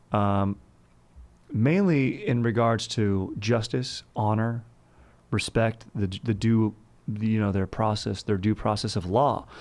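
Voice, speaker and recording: A man hosting a casual comedy podcast, joking and reading ads in an animated, playful way. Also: mid-range voice. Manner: animated, jokey, swings into loud bits. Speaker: podcast host. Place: Los Angeles.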